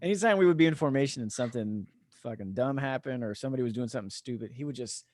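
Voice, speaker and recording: Over a remote call, a retired veteran guesting on a podcast tells stories in a relaxed, offhand style, cursing freely and chuckling along the way. His voice sits at a medium pitch, comes out rapid-fire, and has a slightly mellow quality.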